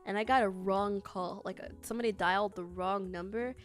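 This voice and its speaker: Young female streamer, bubbly and giggly, casual teaching chat, soft music behind. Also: fairly even intonation, a little fast. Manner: bubbly, laughs often, shifts pitch for emphasis.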